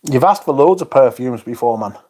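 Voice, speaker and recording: A man's voice: mid-range voice, lively intonation, fairly quick, mellow. A man hosting a casual livestream, chatting, swearing freely and reading out viewer comments. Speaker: livestream host reading chat.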